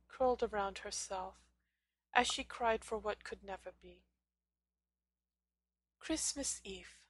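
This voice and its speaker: A woman narrating a fan fiction audiobook in a dramatic, expressive storytelling manner. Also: fairly high pitch, breathy edge, dry recording.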